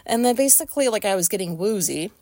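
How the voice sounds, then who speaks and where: A woman's voice: medium pitch, expressive, quick pace, mellow, no room sound. A woman hosting a podcast, telling a casual story in a rambling way, with lots of fillers and free swearing. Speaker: podcast host.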